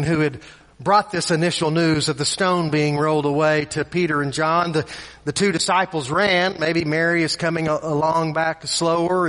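A man preaching a sermon, retelling a story with repeated words, pauses and voiced quotes. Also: fairly high pitch, a bit bright, big-room sound.

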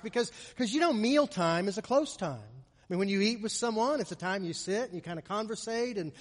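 A man preaching a communion sermon in a church, often repeating words and swinging from loud to soft. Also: high voice, expressive, fairly quick, hardly any pauses, long reverb tail. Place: church sanctuary.

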